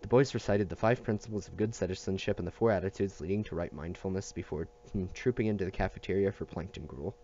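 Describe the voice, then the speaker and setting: A man reading a novel aloud at a steady pace, with small restarts and slips. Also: low-pitched, fast, hardly any pauses, lo-fi sound, a little hiss or hum. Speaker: audiobook reader.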